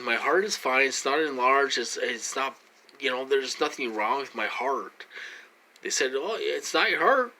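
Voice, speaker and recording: A man's voice: mid-range voice, sharp tone. Rambling man vlogging from his room. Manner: rambling and repetitive, heavy with fillers. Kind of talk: casual vlog monologue.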